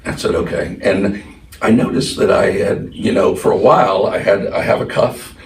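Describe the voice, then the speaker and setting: A man's voice: lowish voice, moderate pace. A man telling a personal story to a group in a casual, rambling way, with laughs and many fillers. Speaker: speaker sharing a personal story. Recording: roomy sound from a distance with clear background noise.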